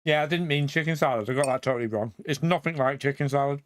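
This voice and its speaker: A man's voice: fairly high pitch, quick pace. A middle-aged man from England chatting casually on a live stream through a headset, laughing often between remarks. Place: home.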